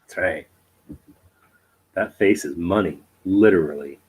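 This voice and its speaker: A man's voice: deep voice, measured pace, husky, rough recording. A man co-hosting a casual live-stream chat, joking and self-deprecating and chuckling often. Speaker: co-host.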